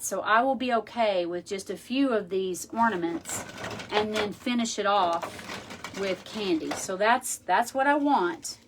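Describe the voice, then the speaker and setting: A woman's voice: medium pitch, a bit bright. A woman hosting a craft tutorial, chatting casually and thinking aloud as she works. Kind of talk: casual how-to demonstration.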